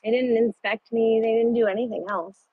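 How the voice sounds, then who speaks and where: A woman truck driver chatting casually with her livestream viewers, blunt and quick to swear. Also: on the high side, fairly even intonation, husky, phone-quality sound.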